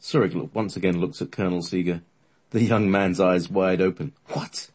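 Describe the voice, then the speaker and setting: A man with a low, husky voice tells a story offhandedly. He rambles, stumbles over words, and fills gaps with ums and uhs. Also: steady tone, a little fast, darkish tone. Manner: rambling, with many fillers and restarts. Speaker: podcast storyteller. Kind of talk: casual storytelling chat.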